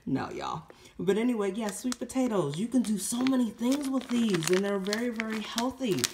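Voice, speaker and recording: A woman's voice: medium pitch, big pitch swings, normal speed, heavy background noise. A woman showing her grocery haul in a casual chat to camera, out of breath, chatty and exclaiming over her finds.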